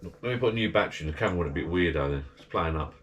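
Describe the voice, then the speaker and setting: A man's voice: low voice, expressive, racing, fairly bright tone, muffled recording, slight background noise. A man chatting casually to an action camera in his garden shed bar, rambling and grumbling. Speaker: vlogger.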